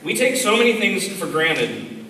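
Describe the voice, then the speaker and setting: Late-20s youth leader guy, high bouncy voice, funny stories, echoey hall, mic far off, background noise. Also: a little slow. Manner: animated storyteller who jumps high when acting out voices. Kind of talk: humorous camp talk to a youth audience.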